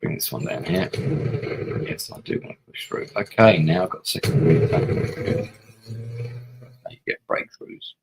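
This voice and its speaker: Low gravelly man muttering. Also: lively intonation, normal speed, pauses often, noisy background. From England. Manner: muttering to himself, thinking aloud. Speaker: streamer playing a strategy game. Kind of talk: casual gaming commentary.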